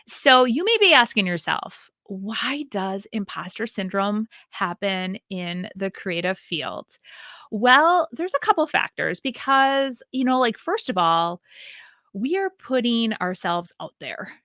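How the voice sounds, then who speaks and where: A woman's voice: mid-range voice, big pitch swings, slow, pushed and bright, no echo, studio quality. A podcast host, a woman from Wisconsin with a Wisconsin accent, talking in a chatty, sing-songy way with many fillers. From Wisconsin, US Midwest. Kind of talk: casual solo podcast monologue.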